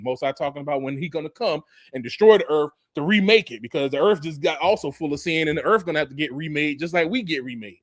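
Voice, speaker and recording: A man giving a casual scripture teaching, animated, often laughing and reading verses aloud. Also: a little high, quick pace, few pauses, no room sound, clean studio sound. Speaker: preacher.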